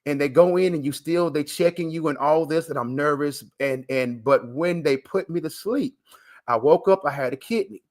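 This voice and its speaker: Appearing as a guest on a live video call broadcast, a transplant recipient and coach speaks with a slightly high, somewhat dark voice at normal speed. He's emotional and emphatic, almost preaching, full of fillers and repeated words, and he keeps calling the listener "man."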